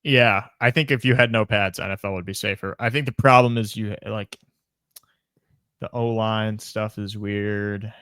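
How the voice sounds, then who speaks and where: A man's voice: lowish voice, fairly even intonation, a little slow, fairly bright tone, smooth, dry recording, clean studio sound. A young man co-hosting a casual sports podcast, joking in a laid-back, mumbly way. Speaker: podcast co-host.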